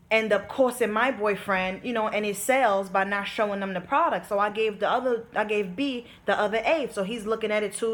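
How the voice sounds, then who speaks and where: A young woman telling a storytime vlog in casual, emphatic slang full of fillers. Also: medium pitch. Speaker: vlogger.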